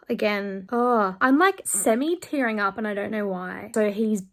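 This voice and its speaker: Woman vlogger, casual and chatty, gets emotional reacting to a book, mid-pitched voice. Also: a little slow, creaky. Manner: chatty, emotional, reads passages aloud. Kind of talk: casual reading vlog.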